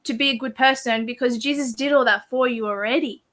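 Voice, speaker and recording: A woman hosts a casual chat after a few drinks. Her voice sits a little high and rings bright and sharp. She talks in an earnest, rambling way that drifts toward emotion. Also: fairly even intonation, fairly quick. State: tipsy from drinking. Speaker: host interviewing a guest. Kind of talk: casual tipsy debate.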